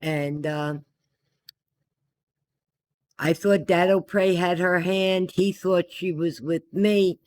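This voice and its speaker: A woman's voice: fairly low pitch, steady tone, slow pace, pauses often, a little mellow. An older woman, the host's mother, telling a meandering family anecdote in a casual way. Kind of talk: casual storytelling.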